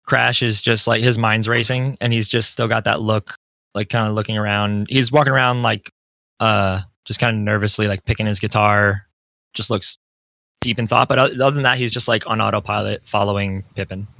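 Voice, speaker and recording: A man's voice: lowish voice, steady tone, brisk, vocal fry, sharp tone, no room sound. A man playing a tabletop game, describing his character in a hesitant, filler-heavy way. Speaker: player. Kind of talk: tabletop role-play chat.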